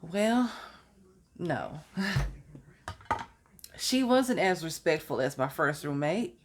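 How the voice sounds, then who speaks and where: A woman's voice: deep voice, sing-song, slow, slight background noise. A young adult woman telling stories from her college years in a casual, chatty way, now and then laughing at her own story. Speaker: vlogger.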